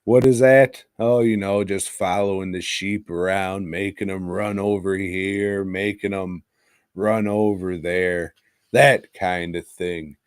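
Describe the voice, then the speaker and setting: A man's voice: low voice, fairly even intonation, slow, smooth, dry recording, clean studio sound. A man co-hosting a movie podcast, recapping a film in crude, jokey casual chat and breaking into silly voices. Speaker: podcast co-host.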